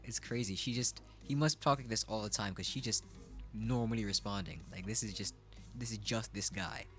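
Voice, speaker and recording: A man's voice: fairly low pitch, moderate pace, soft background music. A male streamer chatting casually and reacting with jokes and frequent laughs. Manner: laughing, joking, animated.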